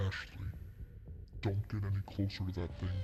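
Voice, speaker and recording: A woman voicing a menacing man in a deep, hushed whisper while playing a story game, with game music behind. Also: little pitch movement, moderate pace, lo-fi sound. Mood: ominous.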